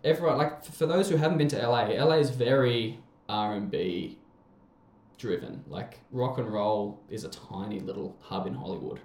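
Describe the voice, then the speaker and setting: A young Australian man spins a rambling, swearing story in casual chat, mid-pitched and laughing often. He has an Australian accent, and the room around him rings with echo. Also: normal speed, a little mellow.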